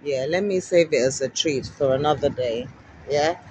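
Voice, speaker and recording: A woman from Africa chatting to camera while she walks outdoors along a busy street. She repeats herself a lot, asks her viewers many rhetorical questions and gets excitable. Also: low voice, normal speed, slight background noise, poor audio. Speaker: vlogger. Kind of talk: casual walking vlog to camera.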